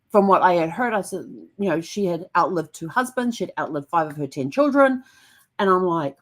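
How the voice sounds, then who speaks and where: A middle-aged woman with a notably low voice talks casually about her family history research. She is chatty and expressive, often breaking into her own exclamations in a much higher tone before settling back down. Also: quick pace. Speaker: genealogy channel host. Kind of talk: casual solo talk to camera.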